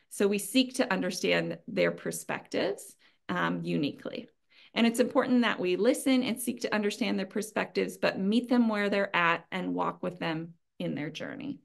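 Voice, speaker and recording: With a medium-pitched voice touched by vocal fry, a woman presents an online training webinar. She gives practical tips in an earnest, chatty manner, often saying "um" and letting out little laughs.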